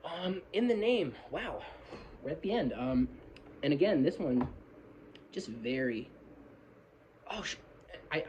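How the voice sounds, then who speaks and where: A man's voice: on the high side, lively intonation, measured pace, long pauses, a little mellow, slight background noise, rough recording. Rambling apologetic man on a phone video. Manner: rambling, apologetic, swears casually, hums riffs and sings snatches of lyrics. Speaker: metal fan analysing song lyrics. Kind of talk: casual rambling video commentary. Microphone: phone camera.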